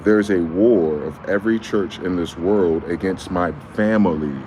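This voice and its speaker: A man with a fairly low voice delivers a heated vlog monologue, reading passages aloud and then cutting in with profane, confrontational questions. His tone is angry throughout. Faint vehicle noise sits behind him. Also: a little slow. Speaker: vlogger.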